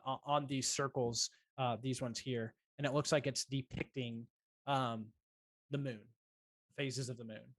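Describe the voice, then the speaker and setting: A man's voice: mid-range voice, a bit bright, dry recording. Hesitant man running a tabletop game. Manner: hesitant, full of ums and uhs. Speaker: game master.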